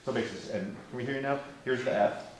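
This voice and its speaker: A man's voice: mid-range voice, racing. Echoey male choir coach. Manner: demonstrates phrases by singing them, encouraging. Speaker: vocal coach. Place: large rehearsal hall. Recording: echoey rehearsal hall, faint noise.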